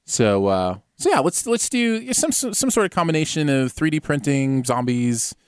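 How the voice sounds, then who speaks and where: A man co-host who runs the games and teases his partner. His voice swings widely in pitch and sounds dry and close to the mic. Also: normal speed, smooth, no room sound. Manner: animated, teasing, leads the segments. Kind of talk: casual chat.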